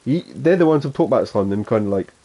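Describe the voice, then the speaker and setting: A man's voice: medium pitch, lively intonation, quick pace, warm tone, slightly rough, highs cut off. A man with a Suffolk accent chatting casually and rambling as he streams a game, chuckling to himself. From England. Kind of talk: casual gameplay chat.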